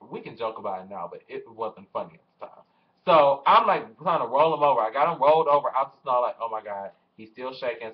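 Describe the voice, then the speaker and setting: A young man casually telling a story to his viewers, animated and swearing, acting out what people said. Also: on the high side. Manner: animated, swearing, acts out quoted voices. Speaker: vlogger. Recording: dull lo-fi webcam audio.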